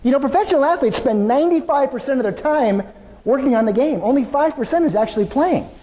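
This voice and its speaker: Keynote speaker, male, high voice, lively storyteller, hall reverb. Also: fast talker. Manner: energetic storytelling with asides to the audience. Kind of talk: live motivational keynote speech. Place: large venue before an audience.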